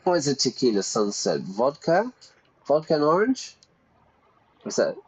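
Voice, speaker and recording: A man's voice: medium pitch, big pitch swings, moderate pace, breathy edge, rough recording. A British or Irish man teaching English while reading game dialogue aloud and explaining phrases. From Britain or Ireland.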